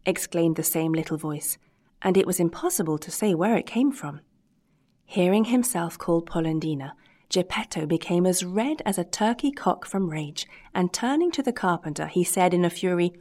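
A woman's voice: lowish voice, normal speed, warm tone. Woman reading a storybook aloud. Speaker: audiobook reader. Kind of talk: storybook narration.

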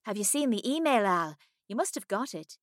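A woman reading an audiobook voices a lively, giggly young Irish woman who talks eagerly and fires off questions. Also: medium pitch, dry recording, clean studio sound, voice pushed up, close to an everyday voice. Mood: urgent. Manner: eager, teasing, rapid questions. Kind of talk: audiobook character voice.

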